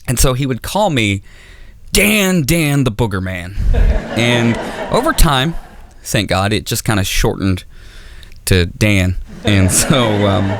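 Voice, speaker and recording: Rambling, self-mocking male stand-up comic. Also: on the low side. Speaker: stand-up comedian. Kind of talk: stand-up comedy set. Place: comedy auditorium stage.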